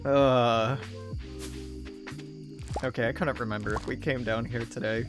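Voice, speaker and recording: A man's voice: medium pitch, steady tone, measured pace. A man casually streaming a game from his desk at home, rambling off topic with plenty of swearing. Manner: rambling, digressive and profane. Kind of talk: casual rambling gameplay commentary. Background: faint game music.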